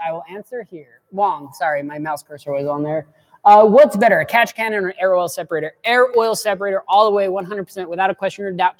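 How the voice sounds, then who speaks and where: A man co-hosting a live stream, chatting casually and answering viewer questions with an excitable, jokey manner. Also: high voice, long reverb tail. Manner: excitable, jokey, puts on silly voices. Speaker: livestream co-host.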